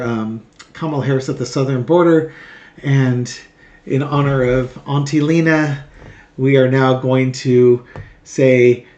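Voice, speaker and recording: A man's voice: medium pitch, a little mellow. A man hosting a tarot channel, chatting casually with frequent laughs and self-correcting asides. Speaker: tarot reader, host. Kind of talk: casual chat.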